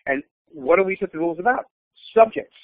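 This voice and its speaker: An older man with a high, animated voice speaks briskly as a guest in a conversational interview, telling stories in a blunt, opinionated way. The audio is dry with no echo but comes through a tinny phone line.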